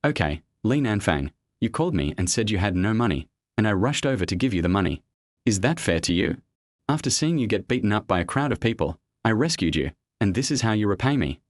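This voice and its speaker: A fierce young businesswoman who snaps cold threats, as a male narrator puts her on. The delivery swings in pitch with plenty of life. The sound is dry and close, like a storybook audiobook. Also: big pitch swings, fairly quick, no echo. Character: fierce young woman CEO, cold and sharp-tongued.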